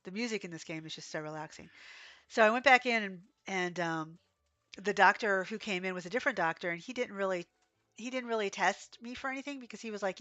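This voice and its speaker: Hoarse, coughing woman streamer, bright tone. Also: mid-range voice, quick pace, no echo, highs cut off. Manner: chatty, rambling storyteller. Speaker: game streamer. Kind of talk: casual livestream chat while playing.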